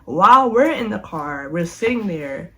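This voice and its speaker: A young woman vlogger telling a storytime in a chatty, animated way, speaking straight to her viewers. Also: lowish voice, measured pace, a little hiss or hum. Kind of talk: casual storytime.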